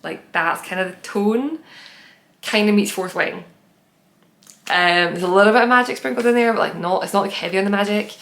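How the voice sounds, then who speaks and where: A woman's voice: medium pitch, normal speed, a bit bright, echoey room. A young woman hosting a knitting podcast, chatting casually and rambling with many fillers. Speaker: podcast host. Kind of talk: casual chat.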